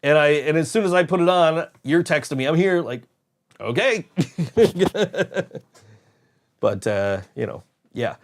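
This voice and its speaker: A man's voice: fairly high pitch, unhurried, a little hiss or hum. A man hosting a podcast, telling a rambling story in casual chat, swearing often and laughing as he goes. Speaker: podcast host.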